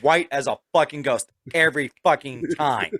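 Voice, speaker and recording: A man's voice: a little high, moderate pace, no room sound. A man in casual chat, a father telling crude stories full of swearing. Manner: crude, animated storyteller. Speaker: podcast co-host, father.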